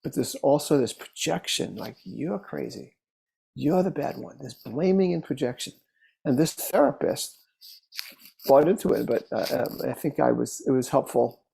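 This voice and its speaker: A male therapist talks through cases in a relaxed, unhurried way. His voice is mellow and dark with a gravelly texture and sits at a mid pitch. He speaks casually, pausing on fillers and restarting sentences. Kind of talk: casual teaching talk with case stories.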